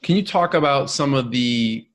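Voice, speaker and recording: A man's voice: expressive, normal speed, a bit bright. Man asking probing interview questions. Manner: probing, prompts the guest to go deeper. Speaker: podcast host.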